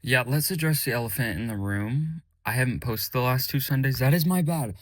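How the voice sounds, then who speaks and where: Young male podcast host, casual and rambly, flat delivery, dry close-miked sound. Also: mid-range voice, brisk, dry recording. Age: young adult. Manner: rambling, self-correcting, says his voice is monotone. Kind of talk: casual solo podcast chat.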